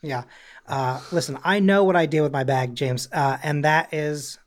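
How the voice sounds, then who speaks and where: A podcast co-host chats casually, his slightly high voice moving at a normal speed. He rambles through stories packed with fillers, slipping into mock voices and quotes as he goes.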